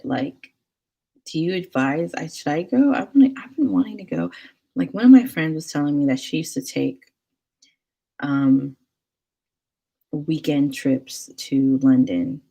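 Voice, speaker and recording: A woman's voice: low-pitched, creaky, slightly rough. Chatty young woman on a livestream. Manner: chatty, animated, laughs and whispers asides. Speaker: livestream host. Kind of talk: casual live chat reading comments.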